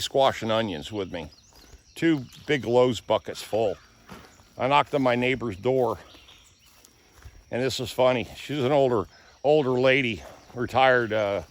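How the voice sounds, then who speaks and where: A man vlogging casually, walking through his garden and telling folksy stories. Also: mid-range voice. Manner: folksy storyteller. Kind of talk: casual vlog walk-through. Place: rural garden outdoors.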